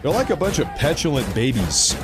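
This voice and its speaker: A man's voice: medium pitch, wildly swooping pitch, a little fast, music in the background. A man hosting live political commentary on a stream, emphatic and repeating lines for effect, calling his viewers folks. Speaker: livestream political commentary host.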